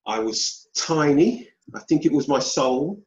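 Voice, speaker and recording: British man telling a story slowly. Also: on the high side, animated, darkish tone. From United Kingdom. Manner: slow, deliberate storytelling with pauses. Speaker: guest. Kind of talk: storytelling interview. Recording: dull roomy sound.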